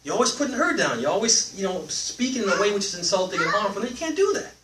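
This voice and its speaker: A man teaching a live religious class, animated, often asking his listeners questions and letting them answer. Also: high-pitched, fast talker. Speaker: Islamic teacher. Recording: roomy, from a distance, faint noise.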